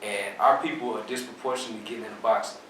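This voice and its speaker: A man's voice: fairly low pitch, quick pace, far from the mic, a little hiss or hum. Echoey, off-mic man explaining casually. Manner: relaxed, explanatory, fillers like "uh" and "you know". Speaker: interview guest, business owner. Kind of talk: casual interview talk.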